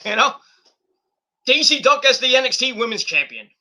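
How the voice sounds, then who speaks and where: A man's voice: very high-pitched, sing-song, moderate pace, sharp tone. A middle-aged man hosting a livestream, ranting casually and profanely with sarcastic mock quotes. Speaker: streamer host.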